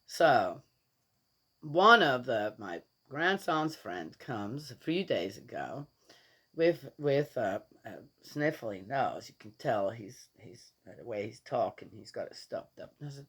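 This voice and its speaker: The voice is an older grandmother's: bass, expressive, slow, fairly bright, and slightly rough. She tells stories in a chatty, meandering way, opinionated and exasperated, often restarting and breaking into laughs.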